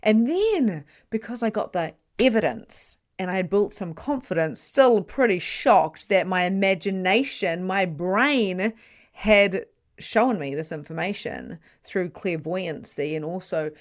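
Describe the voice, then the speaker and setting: A woman who works as a spiritual medium, telling a personal story to camera in a chatty, expressive way with playful asides. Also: mid-range voice, a little slow.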